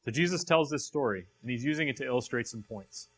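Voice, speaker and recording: A man's voice: medium pitch, expressive, quick pace, breathy edge. A man reading a passage aloud and then preaching on it, with direct questions to a live audience. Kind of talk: sermon.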